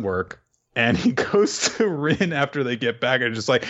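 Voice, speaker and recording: A man's voice: mid-range voice, moderate pace, muffled recording. A man co-hosting a podcast, recapping manga chapters in casual chat and acting out the characters' lines as he goes. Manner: animated retelling, acts out characters' lines. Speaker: podcast co-host.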